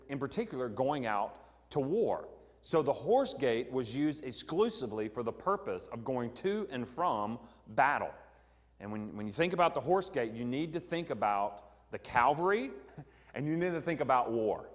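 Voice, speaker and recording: A man's voice: mid-range voice, in a large hall. A middle-aged man with a Southern American accent, a pastor teaching an evening Bible sermon in a conversational way, asking the congregation questions and using frequent ums. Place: church sanctuary.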